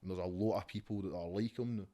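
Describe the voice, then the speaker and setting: A man's voice: low voice, fairly even intonation, fast talker, mellow. A Scottish rapper, a man guesting on a casual podcast at home, talking bluntly and with a lot of swearing. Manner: profane, blunt, ranting. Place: his home.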